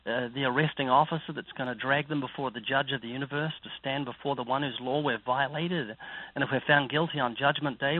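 A man's voice: medium pitch, dry recording. A man with a New Zealand accent, an evangelist speaking earnestly and preaching in an interview. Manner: earnest, preacherly, vivid storytelling. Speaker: evangelist guest. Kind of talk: interview about faith. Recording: dry phone-like line.

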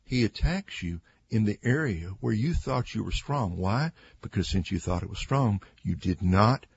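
A man's voice: lowish voice, animated, normal speed, vocal fry, breathy edge, dull audio. A man giving conversational Bible teaching as a radio guest, earnest and acting out quoted speakers with emphasis. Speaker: Christian author and radio guest.

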